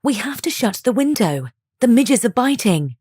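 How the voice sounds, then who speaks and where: Woman doing a crisp, well-spoken wife. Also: fairly high pitch, sing-song, moderate pace, a little mellow, dry recording, clean studio sound, voice pushed up. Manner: crisp, careful enunciation. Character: educated, composed wife with crisp elocution.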